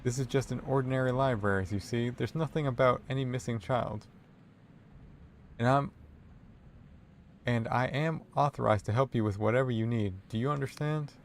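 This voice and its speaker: A man's voice: mid-range voice, normal speed, pauses often, slight background noise, close to an everyday voice. A man voicing a fussy, prim older female librarian who sweetly evades questions and calls people dearie, in a narrated text game. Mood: shaken.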